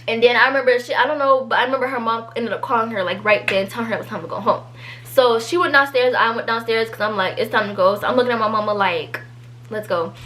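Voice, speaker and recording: A woman's voice: on the high side, fast talker, slight background noise. Chatty teenage girl telling a story. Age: teens. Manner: chatty, filler-heavy, animated when quoting people. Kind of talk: casual storytime.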